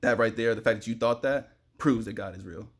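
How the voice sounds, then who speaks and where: Speaking to camera in a fairly low, husky voice, a young man races through an excitable, rambling spiritual monologue. The heat has him sweating, and he now and then bursts out loudly.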